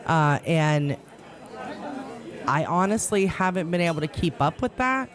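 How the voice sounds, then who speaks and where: A woman's voice: sits low, lively intonation, unhurried, a crowd in the background. A woman co-hosting a radio show in casual chat. She is chatty, laughs often and admits she forgets names. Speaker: radio co-host.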